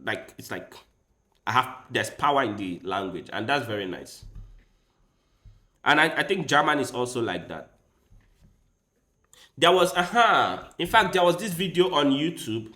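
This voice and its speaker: A man's voice: mid-range voice, sing-song, a little slow, pauses often, bright, forceful tone. A man chatting casually with his livestream viewers, rambling and speaking straight to them. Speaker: chess streamer. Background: faint background music.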